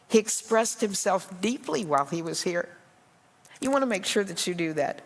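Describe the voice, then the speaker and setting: A woman's voice: medium pitch, lively intonation, moderate pace. An older woman pastor giving an earnest, emotional, conversational sermon to a women's group. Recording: long hall reverb.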